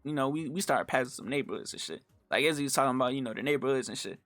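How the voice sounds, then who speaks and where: A man's voice: rapid-fire, fairly bright tone, dry recording, faint music behind. A young adult man telling a rambling story in casual, profane slang and acting out the quotes. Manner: acts out quoted lines in swings of pitch. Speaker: storytime YouTuber. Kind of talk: casual storytelling over gameplay.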